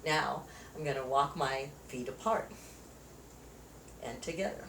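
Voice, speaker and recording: A woman with a bass voice that's creaky yet fairly bright in tone speaks at a measured pace, leading chair yoga. She counts out moves and gives encouraging cues while a little breathless; the recording is echoey, distant-miked, and faintly noisy.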